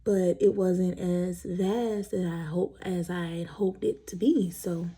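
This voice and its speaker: A woman's voice: lowish voice, steady tone, takes it slowly, mellow, low-quality recording. A woman vlogger chatting candidly with viewers while doing her makeup, repeating herself as she tells her story. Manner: candid, repetitive storytelling addressing viewers as y'all.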